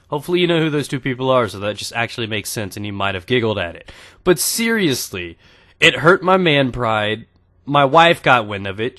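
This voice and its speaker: A man in his twenties telling crude, joking stories over gameplay commentary. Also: medium pitch. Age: 20s. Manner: crude joking, animated storytelling. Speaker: gaming YouTuber.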